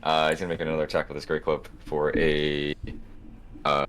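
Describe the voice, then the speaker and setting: A man runs a tabletop game in a very low voice. He narrates loosely, pausing on fillers as he describes attacks. Faint background noise sits under him. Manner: relaxed, halting narration with many fillers. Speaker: game master.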